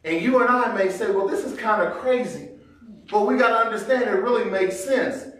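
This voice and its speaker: A man's voice: high voice, brisk, a bit bright. Male pastor, conversational sermon delivery, acts out scenes; very echoey church, distant mic. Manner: conversational Black church preaching, acting out everyday scenes. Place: church sanctuary.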